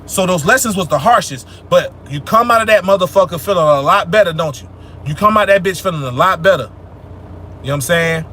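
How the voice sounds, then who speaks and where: High, bright-voiced streetwise stream host. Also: male voice, animated, brisk, a little hiss or hum. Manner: profane, streetwise, preachy and emphatic. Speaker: livestream host answering chat. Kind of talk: casual spiritual livestream Q&A.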